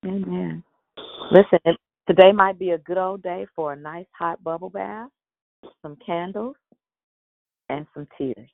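A woman hosting a faith call, talking in a gentle, reassuring way and often repeating her words. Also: fairly low pitch, steady tone, unhurried, creaky, pauses often, no room sound. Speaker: host of a prayer call. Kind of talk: encouraging faith talk. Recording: tinny phone line, dry.

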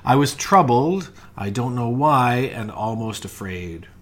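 A man's voice: mid-range voice, lively intonation, unhurried, a bit bright. Man reading a ghost story. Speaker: reader.

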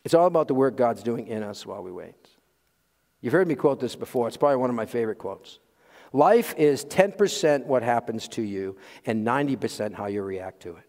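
A man preaching a sermon as pastor, swinging from loud emphasis to hushed asides and chuckling at his own jokes. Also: mid-range voice, expressive, a little fast. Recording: long hall reverb.

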